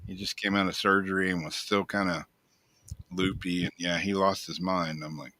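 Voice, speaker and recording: A man's voice: deep voice, moderate pace, dry recording. A man co-hosting a casual talk show, telling a story in a loose, profane way and laughing often. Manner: profane, laughing, animated retelling. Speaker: co-host.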